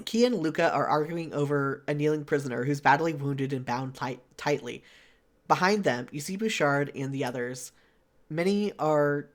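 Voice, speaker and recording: Male streamer reading game text aloud, fairly high voice, laughs and swears casually. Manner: reads steadily, breaks into laughter and casual swearing.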